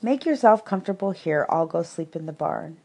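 A woman's voice: lowish voice, lively intonation, brisk, mellow, slightly rough. A woman reading a story, voicing a courteous male rabbi who apologizes for being a bother. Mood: reassuring.

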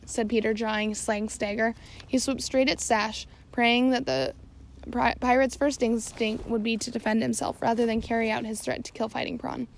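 A woman narrating an audiobook in a steady reading voice. Her pitch sits somewhat high with noticeable vocal fry, and she now and then stumbles and corrects herself. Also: normal speed. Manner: steady reading with occasional slips and self-corrections. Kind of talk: scripted narration.

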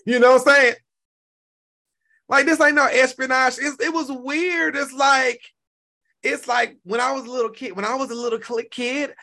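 A man in his forties hosting a casual live-stream rant, animated and profane, repeating himself and now and then breaking into shouts. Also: sits high. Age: 40s. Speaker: YouTube commentary host.

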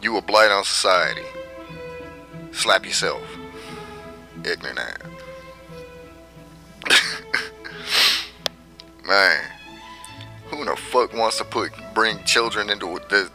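A man's voice: low voice, slow, long pauses, sharp tone, faint music behind. Brash, profane man ranting. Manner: brash, profane, laughing at his own jabs. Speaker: vlogger. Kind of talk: profane rant commentary.

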